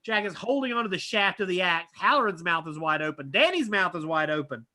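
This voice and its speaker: A man reading stage directions aloud at a live script reading, animated and tossing in asides. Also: high-pitched, a little fast. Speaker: script reader.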